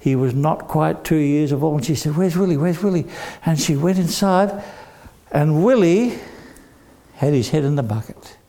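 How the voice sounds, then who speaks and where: An older man telling a dramatic story to children, animated and acting out the voices. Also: fairly high pitch, normal speed. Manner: animated, acts out voices with shouts.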